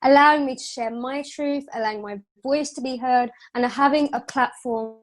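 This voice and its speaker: A woman's voice: high-pitched, moderate pace. A woman from Northern Ireland with a Northern Irish accent, a life coach speaking earnestly and emotionally as a guest over a video call.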